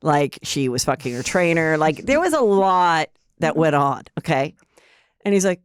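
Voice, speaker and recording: A woman's voice: sits low, moderate pace, clean tone, no room sound, studio quality. Chatty woman podcast host. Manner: chatty, animated storyteller quoting dialogue. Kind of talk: casual podcast chat.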